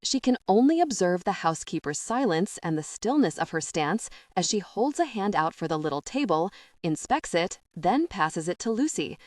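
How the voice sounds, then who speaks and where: A woman narrating an audiobook in a steady, expressive storytelling manner into a close mic. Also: fairly low pitch, moderate pace, no echo. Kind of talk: scripted narration.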